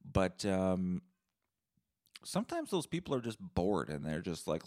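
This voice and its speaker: A young man from Canada rants alone on his podcast, sarcastic and profane. His lowish voice swings widely in pitch as he works himself up. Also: a little slow. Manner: sarcastic, profane, animated ranting. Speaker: podcast host. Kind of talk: solo comedic rant.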